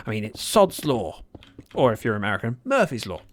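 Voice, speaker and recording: A man's voice: medium pitch, very animated, normal speed. A British man chatting casually on a game livestream, reading viewer messages aloud with dry, self-mocking humour. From Britain. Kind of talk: casual livestream chat while gaming.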